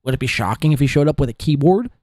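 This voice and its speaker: A man's voice: fairly high pitch, animated, quick pace, a little mellow, no room sound, clean studio sound. A man hosting a podcast, ranting sarcastically and with a lot of swearing as he reacts to clips. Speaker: podcast host.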